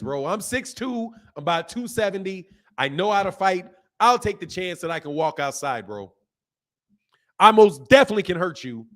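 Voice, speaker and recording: A man in his fifties hosting a boxing live stream, ranting at his chat in an animated, exasperated way. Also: high-pitched. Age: 50s. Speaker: boxing channel host.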